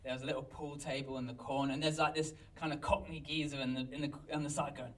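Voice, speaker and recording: A pastor telling a story in a sermon, animated and self-mocking, recorded in a church. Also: male voice, mid-range voice, quick pace, hardly any pauses, recorded from a distance, low-quality recording. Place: church hall.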